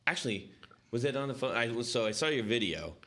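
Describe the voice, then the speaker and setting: A man's voice: medium pitch, expressive, fast talker, pushed and bright. A man from Southern California hosting a podcast in casual chat, laughing and often restarting his sentences. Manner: laughing, self-interrupting, restarts. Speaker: podcast host.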